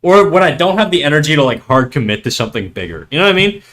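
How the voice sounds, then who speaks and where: Profane French-Canadian streamer, laid-back. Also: male voice, on the high side, big pitch swings, very fast, fairly bright tone. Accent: Québécois French. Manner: loose and profane, switching between English and French, laughing often. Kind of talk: casual livestream chat.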